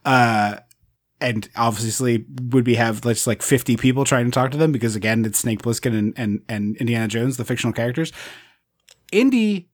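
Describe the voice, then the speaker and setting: A man hosting a podcast, rambling with enthusiasm about a movie in casual chat and often trailing off quietly. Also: mid-range voice, moderate pace. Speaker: podcast host.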